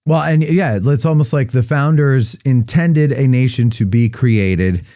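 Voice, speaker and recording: A man's voice: medium pitch, a little slow, dark tone, dry recording, studio quality. A man hosting a podcast in casual conversation, asking clarifying questions. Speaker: podcast host.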